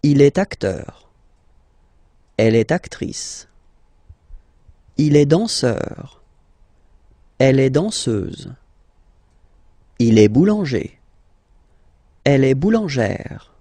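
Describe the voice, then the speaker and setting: A man teaches a language lesson at an unhurried pace, stretching each example word and checking in often. His voice is mellow and gravelly with some fry. The recording is dry and close, with no room around it. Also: medium pitch, very animated, no echo. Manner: patient, drawn-out example words, repeats "okay?". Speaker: French teacher. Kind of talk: language lesson explaining pronunciation.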